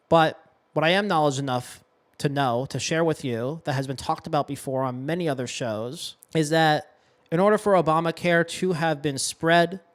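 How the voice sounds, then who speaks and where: A young adult man from Massachusetts, a podcast host and coach delivering an impassioned, preachy monologue with emphatic stress and blunt swearing. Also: on the high side. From Massachusetts, USA. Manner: preachy, emphatic, with profanity and self-corrections.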